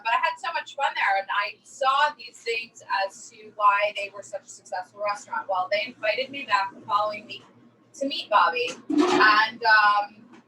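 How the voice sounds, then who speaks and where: Chatty jersey-raised lady chef on a video call, bright voice, bit far off with faint room hiss. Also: on the high side. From New Jersey. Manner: chatty, animated storyteller. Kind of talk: virtual cooking class storytelling.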